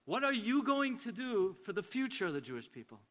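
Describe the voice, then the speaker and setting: A man's voice: high voice, big pitch swings, fairly quick, a bit bright. A man voicing an elderly, aristocratic male rabbi who speaks with fierce, impassioned urgency. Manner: impassioned, rising to a cry.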